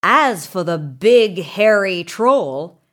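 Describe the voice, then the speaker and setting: A woman narrating a children's storybook with expressive, animated storytelling. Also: medium pitch, drawn-out words, noisy background. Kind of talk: storybook reading.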